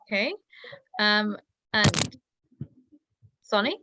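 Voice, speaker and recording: A woman's voice: medium pitch, expressive, extremely slow, background noise. A woman teacher leading an online speaking class, giving brief encouraging prompts.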